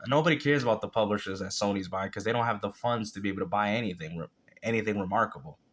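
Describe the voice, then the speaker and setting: A man's voice: fairly low pitch, rapid-fire, a bit bright. A man hosting a reaction video, mocking and cursing in blunt, casual commentary. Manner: blunt, mocking, profane trash talk.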